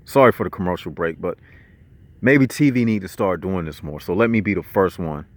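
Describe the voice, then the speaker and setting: A man's voice: sits low, a little fast. A man vlogging outdoors on a nature trail, giving a casual street-slang spiritual lecture in a preachy way, repeating his points and explaining his own metaphors.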